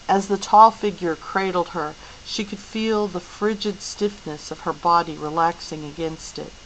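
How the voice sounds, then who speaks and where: A woman reading a novel aloud, clear and unhurried. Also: lowish voice, slight background noise, rough recording. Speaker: audiobook reader.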